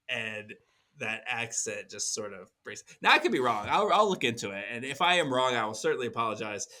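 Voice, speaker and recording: A man's voice: mid-range voice, pushed and bright. A man co-hosting a podcast in casual chat, rambling with frequent restarts and laughs. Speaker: podcast co-host.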